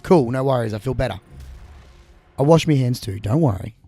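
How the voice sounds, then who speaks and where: Gravelly Australian man with a sore throat. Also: mid-range voice, lively intonation, a little fast, warm tone, faint music behind. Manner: rambling storyteller, crude humour. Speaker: gaming video co-host. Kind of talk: casual gameplay chat.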